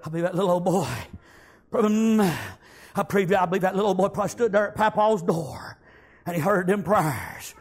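A male preacher tells a story in a sermon with a high, husky voice. He punctuates it with amens and breaks into shouts. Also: fast.

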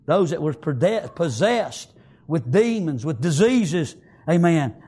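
A man preaching a sermon in a high voice. He swings between quiet, hushed passages and fervent shouted ones, with an amen or praise God after nearly every line. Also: very animated, slow pace, breathy edge.

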